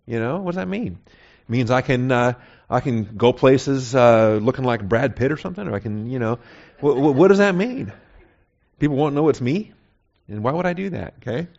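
A man's voice: mid-range voice, animated, normal speed, gravelly, a little mellow. Conversational preacher man, muffled recording. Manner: conversational, asks rhetorical questions, frequent "okay?" check-ins. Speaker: pastor teaching a Bible study. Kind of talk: expository sermon. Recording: slightly muffled, dull recording.

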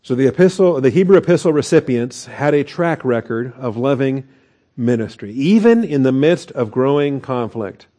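A man's voice: mid-range voice, lively intonation, moderate pace, dark tone. A man preaching a conversational sermon as pastor, with asides and chuckles.

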